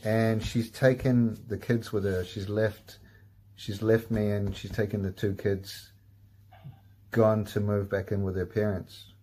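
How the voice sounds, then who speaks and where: A man's voice: lowish voice, little pitch movement, a little slow, warm tone. A man hosting a casual comedy podcast, laid-back and swearing a lot, laughing at himself. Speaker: podcast host.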